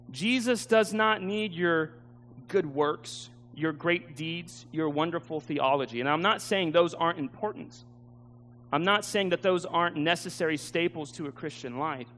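High-voiced preacher telling a story. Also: male voice, fairly bright tone, a little hiss or hum. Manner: storytelling, emotional, laughs at himself. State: tearful at times. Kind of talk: sermon.

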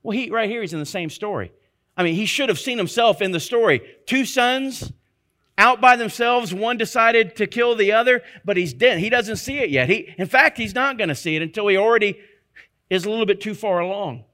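Teaching scripture conversationally, the preacher keeps checking in with his audience via rhetorical questions. His high voice is animated, bright and forceful, delivered fairly quickly.

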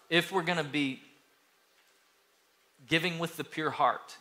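A middle-aged pastor from East Tennessee preaches with a bright, forceful voice pitched a little high. He tells homely stories and slips into the voices of squabbling kids to make his point. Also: measured pace, pauses often, faint music behind. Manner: storytelling, acts out children's voices, lively. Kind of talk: sermon.

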